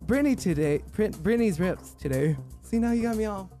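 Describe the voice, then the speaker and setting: A man's voice: high voice, lively intonation, a little fast, over music. A man co-hosting a radio show, rambling and giggling through his bits in playful studio banter. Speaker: radio co-host.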